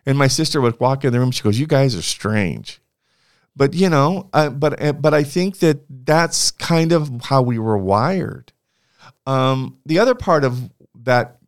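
A middle-aged man from California recalls his past in a reflective interview, often restarting his sentences. His voice is smooth and resonant, and his pitch sits in an ordinary middle range. The recording is dry and close. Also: no room sound. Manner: halting, with frequent restarts and fillers. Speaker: university leader being interviewed. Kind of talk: reflective storytelling.

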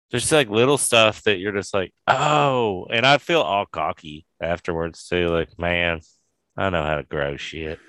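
Man, very deep voice, dry close sound, casual rambling podcast chat. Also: fairly bright tone, dry recording. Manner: laid-back, rambling, swears casually. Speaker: podcast host.

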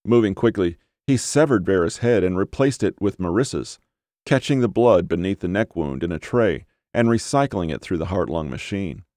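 A man reading a horror story aloud in a measured, steady storytelling manner, on a close microphone. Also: sits low, no echo. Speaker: audiobook narrator. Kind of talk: scripted horror narration.

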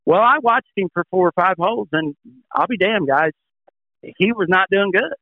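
An older man and former tour pro, a show regular, telling a folksy, animated story in casual chat. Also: sits high, normal speed, dry recording. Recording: tinny phone line.

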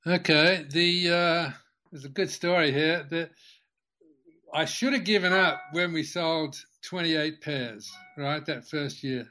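An older man, a company founder, tells a long anecdote in an interview, halting with many restarts and fillers. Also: a little high, pushed and bright.

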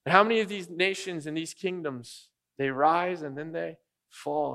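A man's voice: a little high, moderate pace, gravelly, fairly bright tone. A man preaching a sermon as pastor, a father of young kids, speaking casually and jokingly and often putting questions to the congregation. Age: adult father of young children.

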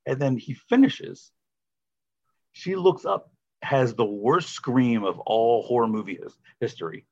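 Male co-host, sarcastic movie chat, husky voice, dull lo-fi recording. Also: mid-range voice, very animated, a little slow, a little mellow. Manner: sarcastic, acts out quotes. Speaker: podcast co-host. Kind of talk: casual movie review chat.

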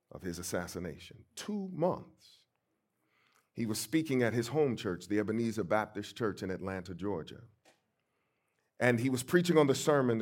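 A middle-aged man from St. Louis, a pastor giving a storytelling sermon, emphatic and swinging between soft and loud. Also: lowish voice. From St. Louis, USA.

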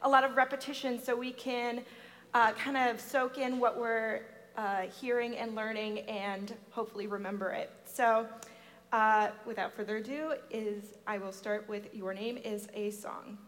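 A woman's voice: fairly high pitch, fairly even intonation, normal speed, a bit bright, long reverb tail. A woman who runs library story times, reading a picture book aloud and asking listeners to repeat words with her. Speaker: library story-time reader. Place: church.

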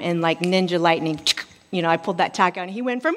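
A woman pastor in her forties preaching a sermon in a church, telling a story in an animated way and acting out voices. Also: medium pitch, fast. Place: church sanctuary. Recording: reverberant hall.

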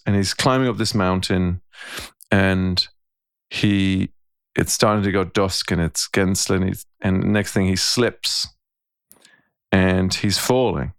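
Male podcast co-host, low gravelly register, reflective storyteller. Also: dry recording, studio quality. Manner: thoughtful, storytelling, frequent restarts. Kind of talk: casual reflective conversation.

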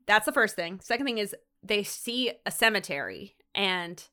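Bright-voiced sarcastic woman podcaster. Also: medium pitch, expressive, normal speed, clear, resonant tone. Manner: sarcastic, chatty, lots of "like". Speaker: podcast co-host. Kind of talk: casual chat recapping a TV episode.

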